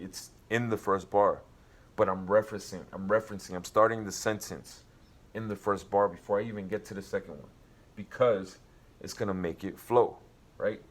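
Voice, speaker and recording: A man teaching rap writing in a casual way, explaining slowly and counting out beats and syllables. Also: on the low side. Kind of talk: casual instructional talk.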